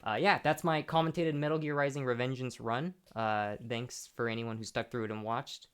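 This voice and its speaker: This young gaming channel host has a clear, resonant, medium-pitched voice with a steady tone and moderate pace. He offers casual gameplay commentary while tipsy, burping, rambling, and restarting with many fillers on a poor, clipping microphone.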